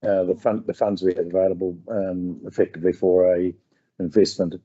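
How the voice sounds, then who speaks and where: A man's voice: deep voice, level tone, brisk, mellow. A man, a new community board representative, speaking hesitantly and self-deprecatingly at a council meeting. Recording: dull lo-fi meeting recording.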